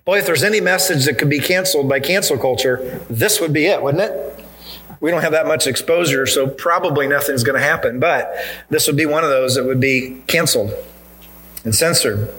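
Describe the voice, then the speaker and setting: Male pastor, fairly high bright voice, emphatic sermon delivery, addresses congregation directly. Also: fairly quick, rough recording. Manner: earnest, emphatic preaching with pointed repetition. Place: church.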